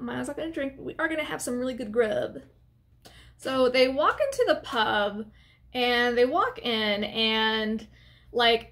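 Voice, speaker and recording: A woman casually recapping a horror film for her channel, chatty and expressive, with plenty of filler words and side comments. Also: a little high. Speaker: movie reviewer. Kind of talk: casual movie recap to camera.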